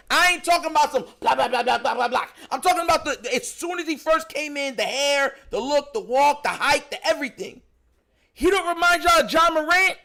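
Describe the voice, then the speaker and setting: Hosting a live stream, a man with a New York accent delivers loud, slangy, excited commentary, frequently shouting and laughing. His voice is extremely high-pitched and creaky, and he speaks fairly quickly.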